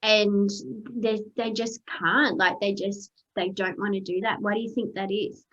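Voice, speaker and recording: A woman's voice: medium pitch, fairly even intonation, unhurried, fairly bright tone. A woman hosting a casual interview and asking probing questions. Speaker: podcast host. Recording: dull lo-fi sound.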